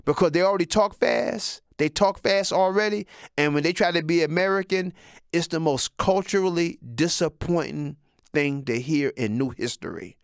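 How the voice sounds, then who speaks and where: A man's voice: on the high side, normal speed, vocal fry, smooth, no echo, studio quality. A man in his sixties doing a profane, rambling stand-up monologue. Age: 60s. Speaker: comedian.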